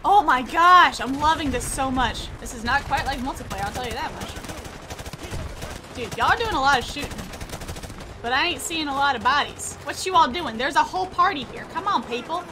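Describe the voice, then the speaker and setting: A woman streamer chatting excitedly through live gameplay, laughing often. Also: sits high, a little fast, slight background noise. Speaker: gaming streamer. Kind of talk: casual live gameplay commentary.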